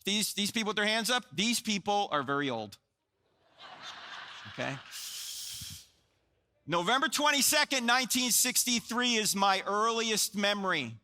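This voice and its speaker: A man in his sixties from New Jersey, a Christian apologetics speaker, gives a joking, storytelling talk to a live audience and puts questions to them. His voice is high and animated with a sharp tone, and he moves at a measured pace, pausing often.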